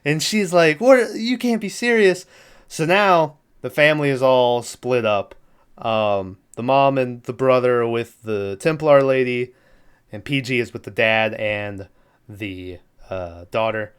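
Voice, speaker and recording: Podcast co-host, male, smooth clear voice, rambling casual movie recap with frequent laughs. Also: medium pitch, measured pace. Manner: rambling, laughs often, acts out quotes.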